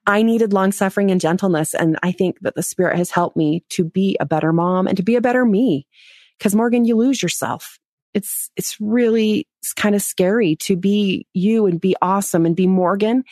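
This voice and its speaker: A woman's voice: lowish voice, a little mellow, no echo, studio quality. A woman speaking as a podcast guest, telling a personal story frankly, mocking herself and laughing often. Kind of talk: candid interview storytelling.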